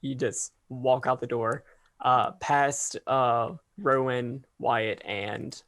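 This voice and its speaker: A man runs a tabletop game as its game master, his voice gravelly with fry at mid pitch. He talks hesitantly, filling gaps and restarting lines. The sound is dry and close. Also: fairly even intonation, takes it slowly, a bit bright, no echo. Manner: hesitant, full of fillers and restarts.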